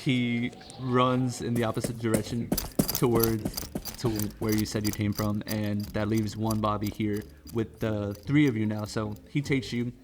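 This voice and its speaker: A man running a horror tabletop game as game master, narrating in a measured way with frequent fillers. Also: fairly low pitch, little pitch movement, very noisy. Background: music.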